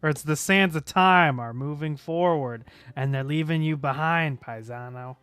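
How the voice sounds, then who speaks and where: A man's voice: on the high side, moderate pace, fairly bright tone, clear, resonant tone, no echo, faint music behind, natural voice. Mario, a man doing a cheerful plumber. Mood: teasing.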